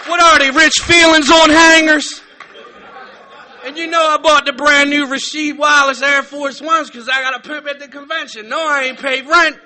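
Brief: middle-aged man, very high voice, profane meeting share that swings from loud to hushed. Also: flat delivery, moderate pace, a faint crowd. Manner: profane, swinging from shouting to quiet sincerity. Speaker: speaker sharing at a recovery meeting. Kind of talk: raw comedic testimony. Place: meeting room.

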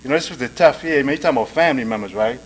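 At a recovery meeting, a man shares his story casually, dropping in "man," "right?" and "you dig?" as he talks rapid-fire with a breathy edge. He moves between soft, low stretches and loud, emphatic bursts, and the recording quality is low.

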